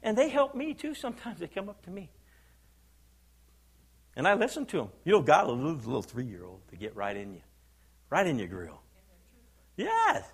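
An older man preaches with big swings of pitch, acting out the voices of the people in his stories. His voice sits a little high for a man, and he tells his stories in a lively, animated way. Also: a little fast, long pauses, slightly rough. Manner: animated storytelling, acts out quotes. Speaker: pastor. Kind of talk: sermon.

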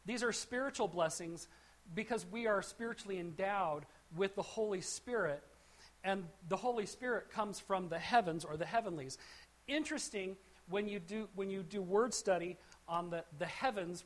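A woman's voice: mid-range voice, moderate pace. A woman teaching the Bible verse by verse in a conversational way, stopping often to explain words and restarting her sentences. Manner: conversational, with frequent restarts and asides.

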